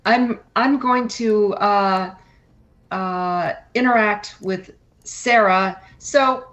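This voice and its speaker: A woman playing in a tabletop game, talking in character with hesitant, halting speech. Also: mid-range voice, fairly bright tone. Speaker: player. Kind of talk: casual in-character roleplay.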